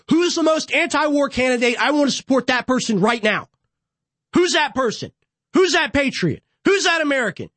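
Speaking at a normal speed, a young man with an extremely high, animated, fairly bright voice hosts a political podcast from a studio with no echo. His monologue is an impassioned rant, full of repetitive rhetorical escalations.

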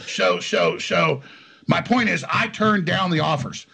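A middle-aged man telling stories in an interview, talking fast and combatively with frequent restarts and repeated words. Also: high-pitched, animated, gravelly, pushed and bright, slightly rough. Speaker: interview guest. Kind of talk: heated conversational storytelling.

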